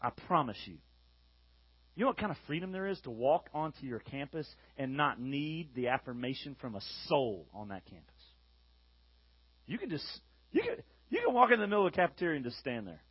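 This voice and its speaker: A man in his thirties, a youth pastor giving a jokey, energetic sermon and playfully acting out the voices he quotes. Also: fairly high pitch, a little fast, slightly rough, no echo. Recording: dull lo-fi recording.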